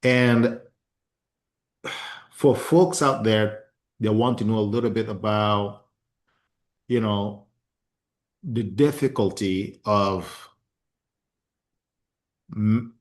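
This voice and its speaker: A man with a fairly low voice hosts a casual podcast interview in English, which is not his first language. He talks with passion and expression, circling back and restarting sentences as his thoughts build. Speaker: podcast host.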